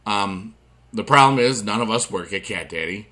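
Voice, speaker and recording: A man hosting a gaming channel, rambling through casual gameplay commentary and talking straight to his viewers with friendly advice, drifting from quiet asides to loud excited bursts. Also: fairly low pitch, normal speed. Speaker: YouTube gaming channel host.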